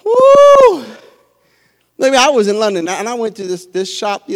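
A male preacher giving a fervent sermon, swinging from quiet asides to shouted peaks. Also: high voice, fairly quick, big-room sound.

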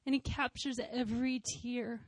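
High-voiced woman giving heartfelt church testimony. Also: steady tone, normal speed, dry recording. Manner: heartfelt, conversational, with light humor. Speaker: church speaker sharing testimony. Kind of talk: conversational sermon testimony.

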